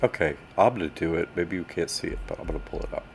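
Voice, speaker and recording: Speaking fast in a low, creaky voice, this man runs a live stream and answers chat in a casual, animated way as he wrestles with his screen. A faint hiss or hum sits under the recording.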